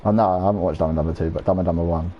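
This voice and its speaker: A man's voice: sits low, fairly even intonation, rapid-fire, highs cut off, a little hiss or hum. A young man rambling in casual chat while streaming a game, swearing freely and losing his train of thought.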